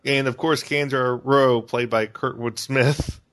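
Excitable bright-voiced man. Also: mid-range voice, measured pace. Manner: excitable, laughs often, restarts sentences. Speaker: podcast co-host. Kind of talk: casual podcast chat about an animated movie.

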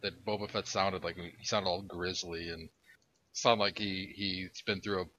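Male co-host, lowish pitch, bright edgy tone, blunt storyteller, lo-fi audio. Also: level tone, measured pace, a little hiss or hum. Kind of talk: casual chat. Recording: dull lo-fi podcast audio.

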